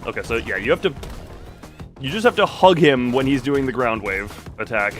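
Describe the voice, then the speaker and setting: A man's voice: mid-range voice, very animated, normal speed, fairly bright tone, soft background music. A man streaming a video game, chatting loosely with his viewers, restarting his sentences and laughing often. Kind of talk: casual live-stream chat while playing.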